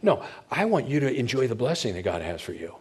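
Husky-voiced middle-aged male pastor. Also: mid-range voice, big pitch swings, fast talker, a little mellow. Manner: conversational, checks in with the congregation. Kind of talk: sermon.

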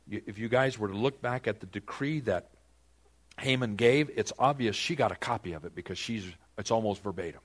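A man's voice: lowish voice, fairly quick. A man preaching a Bible-teaching sermon, asking rhetorical questions and dramatizing the text.

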